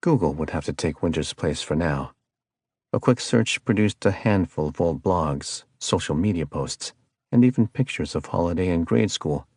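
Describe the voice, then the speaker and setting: A man narrating a thriller audiobook in a steady, measured way. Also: deep voice, slightly rough, dry recording, clean studio sound. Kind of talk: scripted narration.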